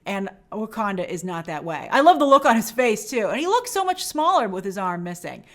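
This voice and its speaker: Her voice is medium in pitch, sing-song and a bit bright, and she talks a little fast. As host of a film and TV review show, she breaks down a TV episode in a casual, enthusiastic way, now and then voicing the characters.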